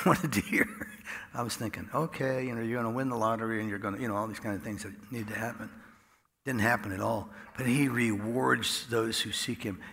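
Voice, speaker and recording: A man preaching a sermon in a folksy storytelling way, dropping to a hush and then rising loud. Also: on the low side, creaky. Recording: echoey hall with long reverb.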